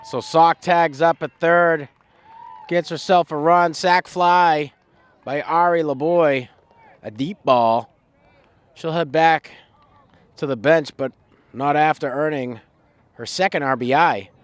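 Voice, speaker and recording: A man giving color commentary on a local softball game, easygoing as he runs through stats and at-bats. His voice is dry and close, with little room sound. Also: fairly high pitch, slow pace, pauses often, clean tone, no echo. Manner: relaxed, talks through player stats.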